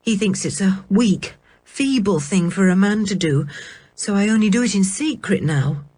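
A woman's voice: mid-range voice, lively intonation, moderate pace, mellow, slightly rough. A woman voicing a lonely, sullen boy who loves painting, in a storybook reading. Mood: wistful. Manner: bitter then eager.

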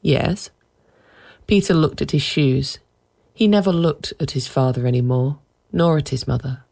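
A woman reading a story aloud in even, measured narration. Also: rumbling low, vocal fry.

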